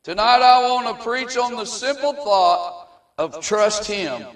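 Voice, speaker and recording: A male pastor delivers a sermon and prayer in a high, carrying voice. He reads scripture slowly and with emphasis, and the sound comes from a distant mic in a reverberant church sanctuary. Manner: measured, emphatic scripture reading.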